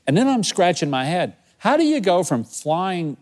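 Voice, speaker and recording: A man's voice: sits high, big pitch swings, moderate pace, a little mellow. A man hosting a TV talk show, earnestly praising and questioning his guest. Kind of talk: casual interview chat. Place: TV studio.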